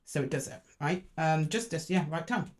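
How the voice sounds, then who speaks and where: A young woman with a low, animated voice gives a tarot reading to camera at a moderate pace, chatting warmly and calling her viewers "my loves." She's in a room of a two-story house.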